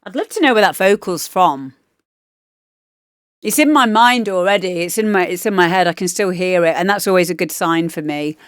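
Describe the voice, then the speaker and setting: A woman's voice: on the low side, moderate pace, smooth, no room sound, clean studio sound. A woman, a DJ host chatting casually and rambling with laughs while reviewing demo tracks. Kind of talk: casual stream chat.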